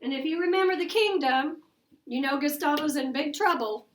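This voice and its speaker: A middle-aged woman teaching a math lesson to her class, brisk and coaxing, asking questions as she goes. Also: sits high, a little hiss or hum. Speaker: elementary school teacher.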